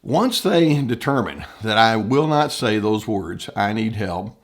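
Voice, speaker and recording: A man's voice: lowish voice, big pitch swings, unhurried. A man who works as a therapist, explaining a topic to viewers in an unscripted way, often restarting phrases and quoting example statements. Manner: thoughtful, with frequent restarts and quoted example statements. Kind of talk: unscripted teaching talk to camera.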